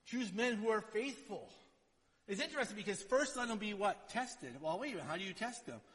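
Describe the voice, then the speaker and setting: Man, pastor, high voice, conversational sermon, keeps asking "right?", long hall reverb. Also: expressive, fairly quick, fairly bright tone, slightly rough.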